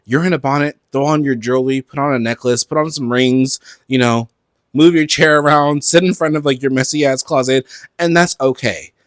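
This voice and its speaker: A man hosts his podcast from home, running through pop-culture gossip with plenty of swearing and loose fillers. His voice sits at an ordinary pitch and is recorded close and dry, with almost no room sound. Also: moderate pace, no room sound. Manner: animated, gossipy and profane, with frequent fillers. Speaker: podcast host. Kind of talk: casual pop-culture commentary.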